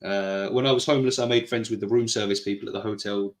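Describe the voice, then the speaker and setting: A man's voice: lowish voice, steady tone, fast talker. Teasing British man in an echoey room. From Britain. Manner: teasing, argumentative, laughs often. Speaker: podcast co-host. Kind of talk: casual chat reading live chat.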